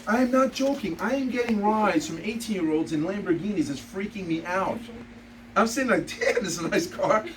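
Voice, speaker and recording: An energetic man leads a live seminar, pulling volunteers up and bantering with the room. His voice sits high and carries an emphatic, salesy push. The recording catches him from a distance, with clear noise around him. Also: moderate pace. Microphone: distant from the mic.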